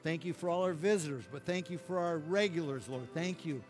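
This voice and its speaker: A middle-aged man from Michigan preaching a sermon and leading prayer, fervent and rising to loud exclamations. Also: a little high, fairly quick, soft background music. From Michigan, USA. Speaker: pastor.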